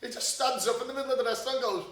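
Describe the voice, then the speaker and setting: Young podcast co-host, high-pitched, swears and laughs through his stories, recorded off-mic in an echoey room. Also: very fast, fairly bright tone, recorded from a distance. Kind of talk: casual chat. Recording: roomy, off-mic sound.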